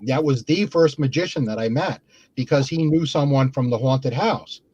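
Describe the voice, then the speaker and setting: A man's voice: normal speed, breathy edge, no echo, poor audio. A man in a casual video-call chat, telling a long story and acting out other people's words in a livelier voice. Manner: animated, acts out quoted people in higher voices. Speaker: guest magician.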